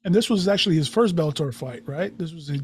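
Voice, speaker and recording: A man interviewing a fight coach in a relaxed, conversational way, steering the talk with short questions. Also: a little high, quick pace, breathy edge, no room sound.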